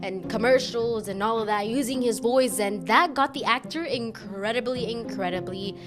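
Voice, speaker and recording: A woman's voice: on the high side, moderate pace. A woman giving casual video commentary, chatty and rambling, with self-deprecating asides. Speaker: YouTube commentator. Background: background music.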